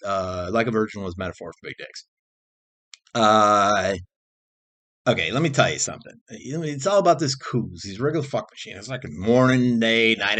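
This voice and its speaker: A man's voice: mid-range voice, a bit bright. A man vlogging in a rambling, casual monologue, cursing freely, restarting sentences and jumping between topics. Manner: frequent restarts and repeated phrases.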